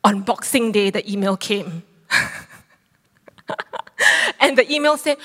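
A woman in her thirties preaching, telling a personal story with lively acted-out quotes. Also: mid-range voice, takes it slowly, pauses often. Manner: animated storytelling, acts out quotes. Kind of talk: sermon testimony. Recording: long hall reverb.

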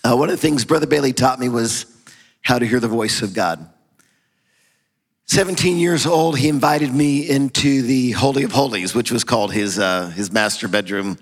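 A middle-aged man preaching a sermon, telling a story and swinging from loud praise to quiet asides. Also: medium pitch, moderate pace, breathy edge. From half German, half Hispanic. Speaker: pastor. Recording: long hall reverb.

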